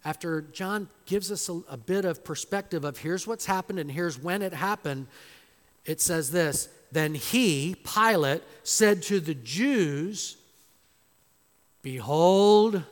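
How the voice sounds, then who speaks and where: A man preaching an expository sermon in a church, slow and emphatic, building to loud dramatic quotations. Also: on the high side. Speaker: pastor. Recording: long hall reverb.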